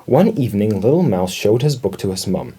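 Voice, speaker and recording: A man reading a children's storybook aloud in an expressive storytelling manner. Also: lowish voice, fairly quick, breathy edge. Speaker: storybook reader.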